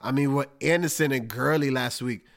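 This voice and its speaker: A man hosting a casual sports talk show, breaking down football matchups in an emphatic, animated way with slang. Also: mid-range voice, moderate pace, vocal fry. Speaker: podcast host.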